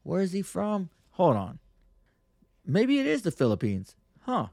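A man's voice: high-pitched, huge pitch swings, measured pace, gravelly, darkish tone, dry recording, studio quality. Rambling, profane male podcast host. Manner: crude, rambling, profane slang. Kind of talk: casual podcast monologue.

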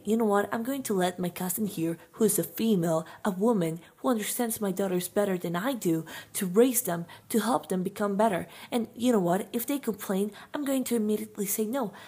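A woman's voice: mid-range voice, darkish tone, breathy edge, close to an everyday voice. A woman voicing an earnest widowed king. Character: grieving widowed king, blindly trusting father.

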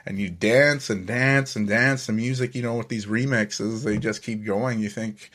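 A man's voice: fairly low pitch, fairly even intonation, normal speed, a bit bright. A man hosting a casual solo podcast, telling stories in a laid-back way, often chuckling and swearing casually. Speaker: podcast host.

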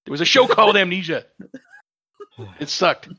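A man's voice: high-pitched, lively intonation, moderate pace, sharp tone, husky. A man on a podcast chatting casually, grumbling and sardonic about what he dislikes. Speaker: podcast regular. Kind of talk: casual chat. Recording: dull lo-fi mic.

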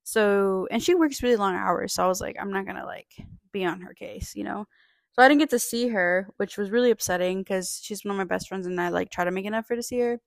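A young woman in casual chat, talking in a relaxed, rambling way with many fillers. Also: mid-range voice, fast talker, vocal fry, no echo.

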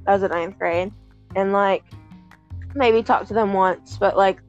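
A young woman from the American South, chatting haltingly on a podcast with lots of fillers. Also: mid-range voice, fairly even intonation, darkish tone, muffled recording, soft background music. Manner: giggly, halting with many fillers. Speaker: podcast co-host. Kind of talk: casual chat.

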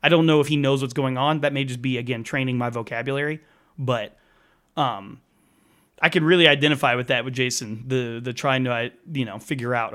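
A man's voice: mid-range voice, steady tone, a little fast, bright, forceful tone. A man in his thirties, a father talking through parenting ideas in a casual chat, thoughtful and rambling with many restarts. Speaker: podcast co-host, father.

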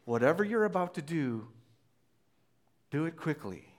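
A calm, assured teacher speaks in a low, quiet, matter-of-fact voice, as a preacher puts him on. He sits lower and softer than his own talk, though the voice still moves with some lift. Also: normal speed.

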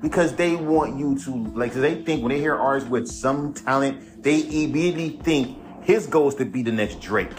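A man's voice: medium pitch, moderate pace, few pauses, over music. A man hosting his own podcast, a rapper ranting in a laid-back, rambling, profane way. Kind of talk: casual monologue.

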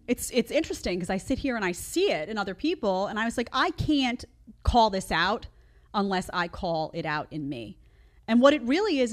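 A woman hosting her own commentary show, reacting emphatically to old clips with loud bursts and quiet asides. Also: lowish voice. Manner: animated, emphatic, jumps between loud outbursts and quiet asides. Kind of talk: opinionated commentary.

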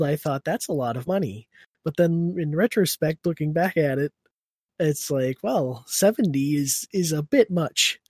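A man's voice: a little high, darkish tone, no room sound, clean studio sound. A young man co-hosting a podcast in casual chat, rambling and laughing as he restarts his sentences. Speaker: podcast co-host.

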